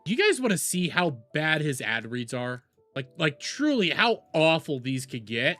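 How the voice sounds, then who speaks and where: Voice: mid-range voice, very animated, moderate pace, a bit bright, dry recording, soft background music. A streamer doing live reaction commentary, profane, sarcastic and mocking.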